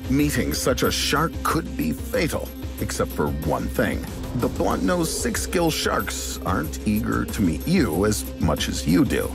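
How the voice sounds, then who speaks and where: A man's voice: medium pitch, vocal fry. A man reading scripted narration for an explainer video in a dramatic, swooping delivery. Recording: narration over background music.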